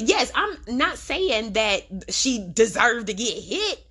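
A woman's voice: a little high, animated, measured pace, few pauses, pushed and bright. A young adult woman hosting a podcast, giving a blunt, profane, slang-heavy commentary monologue. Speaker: podcast host.

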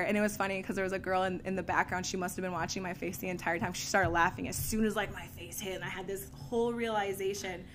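A woman speaks to an audience in a casual, candid testimony, her pitch sitting in an ordinary middle range. She tells the story in an animated way, with frequent laughs and easy fillers. A faint hum of ambient noise sits beneath her voice. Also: fast talker, few pauses. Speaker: speaker sharing a recovery story.

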